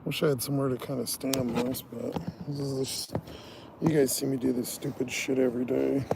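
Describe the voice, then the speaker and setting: A man's voice: medium pitch, little pitch movement, a little fast, gravelly, background noise. A man chatting casually in a vlog, grumbling and swearing as he tells a story and works outdoors by his vehicle. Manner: grumbling, swears a lot while ranting. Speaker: vlogger.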